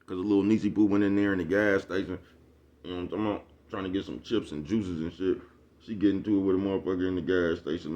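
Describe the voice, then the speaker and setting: A vlogger with a deep, slightly mellow voice rants casually to the camera in street slang, profane and preachy. He keeps asking his viewers whether they know what he's talking about. The sound is lo-fi.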